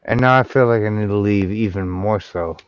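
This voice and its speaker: A man's voice: lowish voice, fairly quick, dull audio, background noise. A man hosting a casual livestream chat, rambling and sardonic, with frequent swearing.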